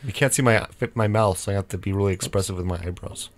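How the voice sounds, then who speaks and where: A man co-hosting a comedy podcast while sick, playful and goofy, with a lowered sick voice. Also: quick pace. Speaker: podcast co-host. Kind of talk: casual comedic banter. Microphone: studio mic with pop filter.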